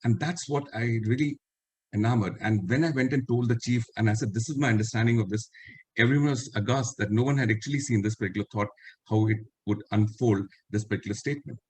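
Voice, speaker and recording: With a husky, medium-pitched voice and a fast delivery, an older man with an Indian English accent, a retired army general, speaks earnestly at a webinar over video call. He tells stories, quotes people directly, and repeats his key lines.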